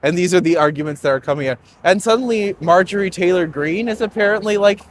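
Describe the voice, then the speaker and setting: Man from Canada, tour guide, joking walk-and-talk, fairly high voice, faint street noise. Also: fast. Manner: joking and chatty, laughs often. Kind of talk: casual chat while walking. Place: outdoors on a city street, walking uphill.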